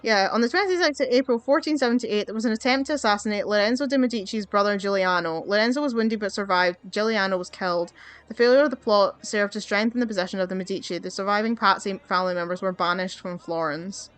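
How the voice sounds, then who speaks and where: A woman's voice: mid-range voice, quick pace, no echo. Brief: young woman, let's play host, exasperated ranting commentary, dry close sound. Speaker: gaming channel host.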